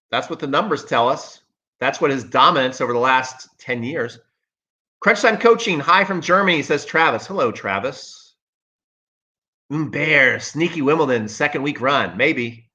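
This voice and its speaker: A man coaching-host chatting casually on a livestream, reading out viewer comments. His voice is bright and forceful, mid-pitched, and he hammers his opinions home by repeating lines. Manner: emphatic, opinionated, repeats himself.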